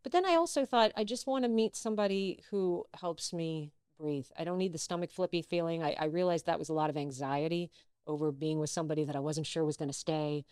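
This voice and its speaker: A middle-aged actress, a guest in a casual interview, telling personal stories and acting out what others said. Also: female voice, deep voice, a little fast, clear, resonant tone, no room sound, studio quality. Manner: animated, acts out quoted dialogue.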